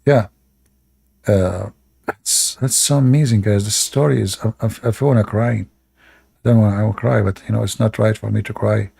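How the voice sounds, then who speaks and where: A man hosting a livestream, retelling a story mockingly in halting, non-native English with frequent laughs. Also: on the low side, steady tone, gravelly, dark tone, breathy edge. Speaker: livestream host.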